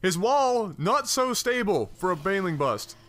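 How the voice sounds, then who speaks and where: A man's voice: high-pitched, sing-song, moderate pace, fairly bright tone. A man co-casting a strategy game, teasing his partner with dry humor. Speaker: game co-caster. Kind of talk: casual game commentary.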